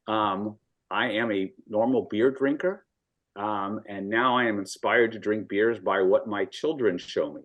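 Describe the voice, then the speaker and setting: A man in his sixties from Southern California, a guest telling stories in a measured, thoughtful way with frequent ums. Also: lowish voice, muffled recording. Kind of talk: casual video-call conversation.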